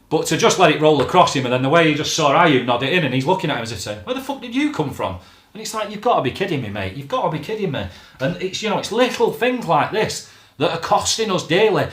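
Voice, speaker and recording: A man's voice: medium pitch, fairly bright tone. A man hosting a fan channel, ranting bluntly about football with plenty of swearing. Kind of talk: casual football rant to camera. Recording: echoey room.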